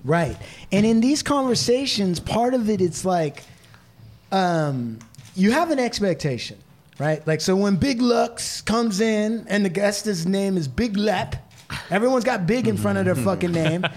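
A man with a notably high voice hosts a casual podcast. He muses aloud and keeps checking in with his listeners. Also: lively intonation, a little slow, a little mellow. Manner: reflective, keeps adding "right?". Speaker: podcast host.

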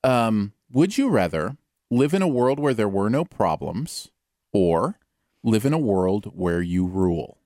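Playful male co-host, very lively intonation, dry close-mic sound. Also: lowish voice, measured pace, no room sound. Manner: relaxed, playful, reads out questions. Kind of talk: casual chat.

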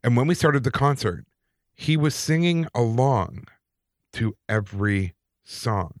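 A man on a podcast, casually telling a personal story in an animated, self-deprecating way. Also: mid-range voice, a little slow, no room sound, studio quality. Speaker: podcast co-host.

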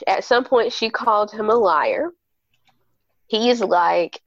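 A woman in mid-range voice telling a personal story with candid, animated energy, slipping into the voices of the people in it. The sound is dull and dry, as if close to a basic mic in a small dead room. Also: medium pitch, slow pace, long pauses, dry recording. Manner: candid, animated, acts out quoted dialogue. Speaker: podcast guest. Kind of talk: casual storytelling chat.

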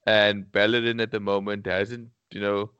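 A man with a low, smooth and resonant voice chats casually about football on a podcast. He thinks out loud, stopping and restarting his sentences. The sound is dry and a little dull. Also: level tone, moderate pace, dry recording. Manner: hesitant, thinking aloud with many restarts. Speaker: podcast co-host.

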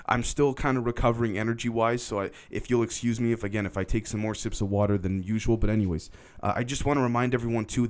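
A man hosts a podcast in a casual storytelling monologue, his voice sitting at an ordinary middle pitch. He rambles a little as he goes and speaks straight to his listeners. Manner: rambling, conversational, addresses listeners directly. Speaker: podcast host.

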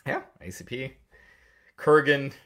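A man on a casual wrestling podcast, giving blunt opinions with swearing and halting restarts. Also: mid-range voice, expressive, a bit bright. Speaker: podcast co-host.

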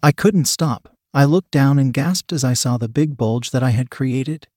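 Brief: a steady, measured male narrator of an erotic audio story, with a mid-pitched voice on a dry, close recording. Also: dry recording.

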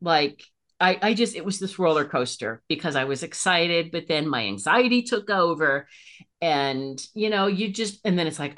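A middle-aged woman talks as a podcast guest in a fairly low voice. She tells her stories with animation and jumps much higher when excited. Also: normal speed. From Pennsylvania. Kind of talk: casual interview chat.

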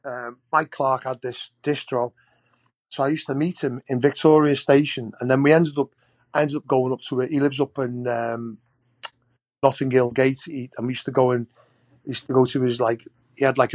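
A man's voice: mid-range voice, dry recording. A man, a wrestler guest on a podcast, telling long casual anecdotes that ramble and restart often. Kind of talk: casual storytelling.

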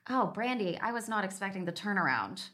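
A woman hosting a podcast interview, chatting like an excited fan, then reading her outro. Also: medium pitch, a little fast. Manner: gushing, enthusiastic fan. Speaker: podcast host. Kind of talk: casual interview and scripted outro.

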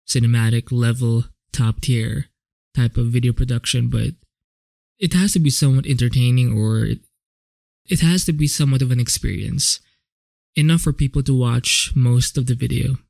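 A gravelly, casual man delivers a solo, reflective podcast monologue on a home podcast microphone, rambling, swearing freely, and correcting himself often. His voice is medium-pitched and darkish, recorded dry.

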